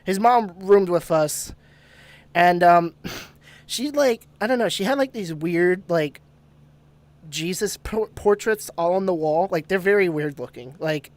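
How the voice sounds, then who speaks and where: A man's voice: sits high, a little slow. A man telling a ghost story on a podcast, laughing often and swearing freely. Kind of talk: casual storytelling.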